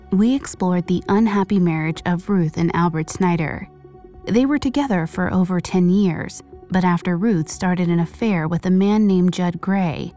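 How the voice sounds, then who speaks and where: Female podcast host, low mellow voice, measured scripted true-crime narration. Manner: measured, grave storytelling.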